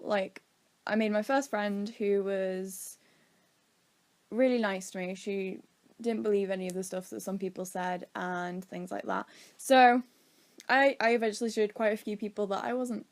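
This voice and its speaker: A woman's voice: mid-range voice, fairly even intonation, a little slow, darkish tone. A young British woman casually telling a rambling story time, acting out quotes from her childhood. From Britain. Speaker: vlogger.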